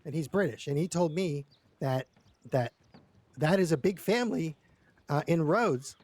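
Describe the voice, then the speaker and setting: A man's voice: a little high, unhurried, darkish tone, no room sound. A man telling a long story in character during a roleplay session, rambling and stammering with lots of repeated words and casual swearing.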